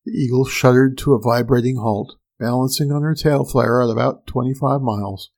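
A man's voice: medium pitch, fairly even intonation, normal speed, gravelly, darkish tone. A man narrating a first-person science-fiction story in a tense, dramatic storytelling manner.

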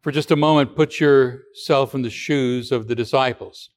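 A man's voice: medium pitch, normal speed. A man giving a radio sermon as pastor, talking in a conversational way with rhetorical questions and frequent restarts.

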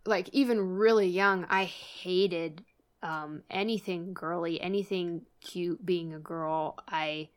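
A woman's voice: fairly low pitch, steady tone, takes it slowly. A young woman co-hosting a podcast, chatting casually and gushing with giggles, swearing now and then. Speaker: podcast co-host. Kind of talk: casual chat.

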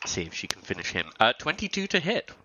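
A man's voice: medium pitch, wildly swooping pitch, fast, dull audio, noisy background. A man playing a tabletop game, calling out his dice rolls with many hesitant ums. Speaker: player.

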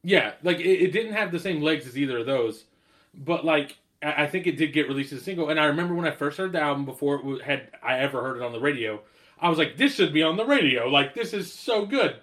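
Rambling casual man, slightly high. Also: quick pace, fairly bright tone. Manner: rambling, swears, lots of fillers. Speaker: podcast co-host. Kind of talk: casual chat about music.

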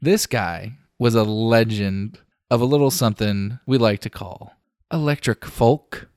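A man's voice: lowish voice, a little slow, darkish tone, smooth, dry recording. Man, tired, joking, casual podcast chat, dry close sound. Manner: joking, swears freely. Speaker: podcast co-host.

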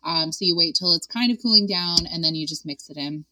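A woman's voice: lowish voice, fairly quick, sharp tone, far from the mic. A woman in her thirties, a dietitian, chatting casually on a podcast, laughing often and saying "like" a lot. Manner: chatty, giggly, lots of "like". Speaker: guest dietitian.

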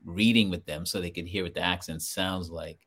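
A guest actor from Trinidad, speaking with a Trinidadian accent, tells stories with laughter in casual chat. His deep voice moves a little fast, and his storytelling is animated.

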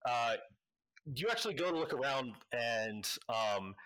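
A man narrating a tabletop game as game master, halting with many fillers. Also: medium pitch, lively intonation, pushed and bright, low-quality recording.

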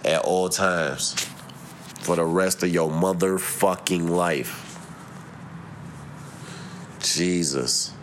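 A man's voice: low-pitched, very slow, pauses often, slight background noise. A young adult man hosting his own podcast, talking in a profane, heated, rambling rant. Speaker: podcast host. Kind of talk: casual solo podcast rant.

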